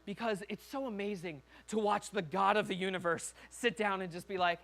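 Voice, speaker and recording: A man's voice: sits high, brisk, gravelly, a bit bright. A man preaching a sermon as a pastor in a church, talking conversationally and acting out quoted voices.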